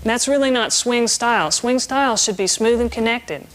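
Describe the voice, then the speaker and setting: A middle-aged woman giving a saxophone lesson, explaining clearly and patiently in an instructional tone. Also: a little high, moderate pace, soft background music. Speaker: saxophone teacher.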